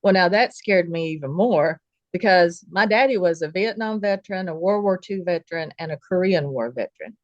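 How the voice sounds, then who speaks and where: Woman, low-ish voice, storyteller voicing family members, dry lo-fi mic. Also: expressive, normal speed, darkish tone, dry recording. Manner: vivid, folksy retelling with quoted dialogue. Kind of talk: personal story told casually.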